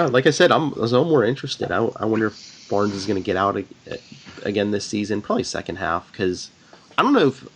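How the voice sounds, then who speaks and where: A man co-hosting a podcast, chatting casually and musing in rambling, restarting sentences. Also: on the low side. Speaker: podcast co-host. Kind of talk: casual TV review chat.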